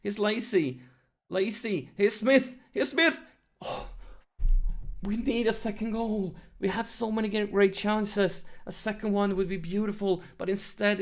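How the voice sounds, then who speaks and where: A man narrating his football management game, swinging from quiet muttering to shrieking excitement. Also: high voice. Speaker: let's play gamer. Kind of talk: excitable live game commentary.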